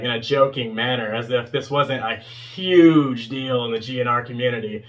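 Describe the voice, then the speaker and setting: A young man in his twenties speaks with a bright, forward voice at a middle pitch. He talks casually and rambles, filling his review with ums, you-knows and small chuckles. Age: 20s. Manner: rambling, heavy with fillers and chuckles. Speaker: fan video host reviewing a concert performance.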